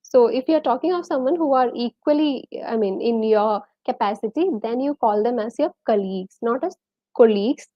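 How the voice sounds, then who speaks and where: A woman's voice: on the high side, moderate pace, few pauses, no echo, dull audio. A woman with a Malayali accent teaching a live online English lesson, quizzing viewers and reading out their names and answers.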